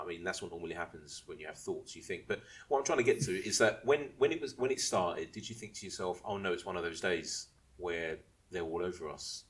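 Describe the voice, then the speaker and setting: A man co-hosting a casual podcast chat, rambling through his points with many restarts. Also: low voice. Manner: rambling, restarts and asks if he may speak. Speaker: podcast co-host.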